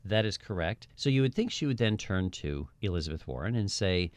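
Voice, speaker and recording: A man with a fairly low voice hosts a studio panel discussion, steering the talk and pressing his guests with pointed questions. The sound is close and dry. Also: expressive, a little fast, dry recording. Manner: probing, leads topics. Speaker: talk show host.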